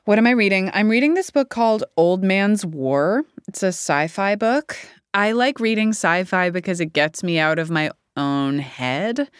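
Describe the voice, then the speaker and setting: A woman's voice: medium pitch, lively intonation, normal speed, clean tone, no echo, clean studio sound. A woman in her thirties, an actor guest chatting candidly in a rambling interview, laughing often. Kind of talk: casual interview chat.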